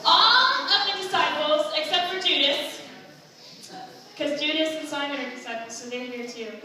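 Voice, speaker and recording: A very high-voiced woman tells a playful story and stops to direct her volunteers. Her voice rings through a large hall and is caught from far off. There is a noisy room behind her. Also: normal speed, crowd noise. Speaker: skit leader. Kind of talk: narrating an audience-participation skit. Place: large hall with a stage and aisles.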